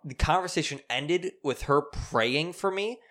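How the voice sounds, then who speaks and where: A young man telling a story in casual chat, animated and profane, laughing often. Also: on the high side, a little slow.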